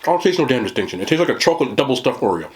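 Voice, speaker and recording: A man's voice: mid-range voice, sing-song, rapid-fire. A man with a New Jersey accent doing a casual food review, blunt, profane and joking.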